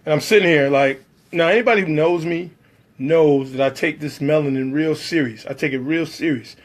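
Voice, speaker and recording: A man's voice: a little high, normal speed. A man telling a personal story about working as a background actor, acting out the other people's lines in shifting voices.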